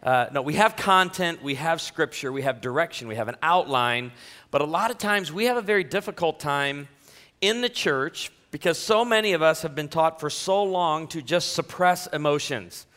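A man's voice: fairly high pitch, expressive, moderate pace, a bit bright, long reverb tail. A man preaching a sermon as pastor in a church, talking straight to the congregation in a joking, self-deprecating, conversational way. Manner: talks directly to the congregation. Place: church sanctuary.

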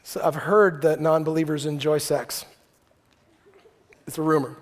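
A man in his thirties preaching a sermon to a congregation, telling stories in an animated, joking way. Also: a little high, a little slow. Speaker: pastor. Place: large hall before a congregation. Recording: long hall reverb.

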